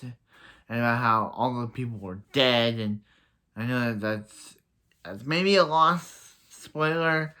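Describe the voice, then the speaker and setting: A man talking through a show's plot in a loose, rambling way, full of "like" and "so yeah" and quick restarts. His voice sits at an ordinary middle pitch, neither high nor low. The delivery is casual, as if chatting to viewers. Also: a bit bright. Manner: rambling, many fillers and restarts; laughs at own jokes. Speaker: show reviewer. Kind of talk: casual recap and review.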